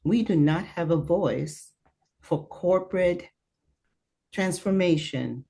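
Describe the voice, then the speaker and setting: A woman's voice: fairly low pitch, takes it slowly, gravelly, mellow, husky. Earnest Cuban woman. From Cuba. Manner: earnest, mixes in Spanish phrases. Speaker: panelist, coach for women. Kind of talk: speaking on a panel.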